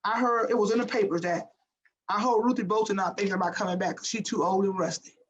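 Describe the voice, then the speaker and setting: A woman in her fifties speaks with emphatic, animated energy as she tells stories. Her voice sits at an ordinary middle pitch, and she keeps stressing her points with phrases like "I'm telling you.". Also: fast, muffled recording, a little hiss or hum. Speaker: former pro basketball player, guest. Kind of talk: motivational storytelling in an interview.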